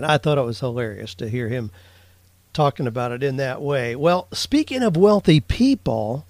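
A man's voice: medium pitch, expressive, moderate pace, darkish tone, dry recording. A man hosting a solo podcast, chatting through listener questions. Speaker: podcast host.

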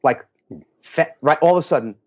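A middle-aged man, a guest in a casual interview, telling animated stories and acting out quotes in a raised voice. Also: fairly high pitch, normal speed. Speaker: interview guest, fitness marketer.

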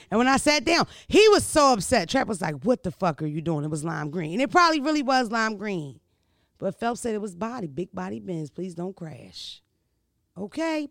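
In casual storytelling chat, a brash woman with a rasping, gravelly voice is loud, animated, and profane. Her pitch is medium, and the sound is close and dry without any room sound.

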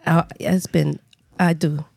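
A woman's voice: deep voice, little pitch movement, slow pace, gravelly, mellow, husky, no echo, studio quality. A woman co-hosting a podcast, chatting loosely and teasing her friends with frequent laughs. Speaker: podcast co-host. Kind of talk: casual chat.

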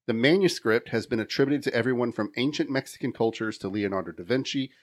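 A man's voice: medium pitch, fast talker. A man hosting a podcast, reading his research notes aloud in casual chat and laughing between lines. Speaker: podcast host.

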